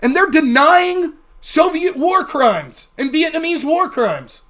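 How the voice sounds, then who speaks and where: High-voiced, heated male streamer. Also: expressive, slow pace, a bit bright. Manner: heated, sarcastic, profane ranting. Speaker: livestream host. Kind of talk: political commentary livestream.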